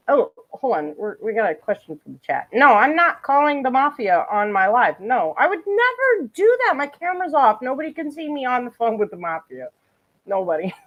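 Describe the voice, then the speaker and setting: A woman's voice: sits high, a bit bright, muffled recording. A woman streaming live, commenting on a clip with sarcastic, giggly and profane remarks. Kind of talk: casual livestream commentary.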